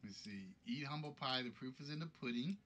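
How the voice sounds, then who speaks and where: A man's voice: medium pitch, a little fast, pushed and bright, a little hiss or hum. A man hosting a live-streamed game show from home, thinking aloud and rambling as he chats. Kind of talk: casual live-stream chat.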